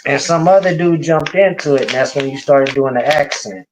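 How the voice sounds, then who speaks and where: Male panel guest, slightly high voice, dry and teasing, casual delivery. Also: moderate pace, background noise.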